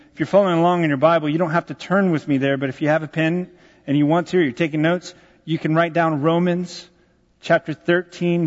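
A young man preaches from the front of a church, his voice sitting a little high. He moves between soft, conversational asides and sudden emphatic lines. The sound is somewhat dull and carries a long hall reverb. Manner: animated, jumps between quiet asides and loud emphatic lines. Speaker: pastor. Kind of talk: sermon. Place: church sanctuary.

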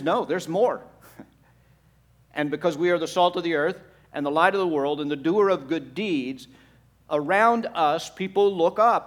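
A male pastor delivers a sermon at a normal speed, moving between soft, low stretches and loud, forceful ones. He poses rhetorical questions to the congregation.

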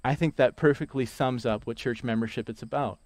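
A man preaching a sermon, emphatic, repeating key lines slowly for weight. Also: mid-range voice, fairly even intonation, darkish tone, no echo. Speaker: pastor.

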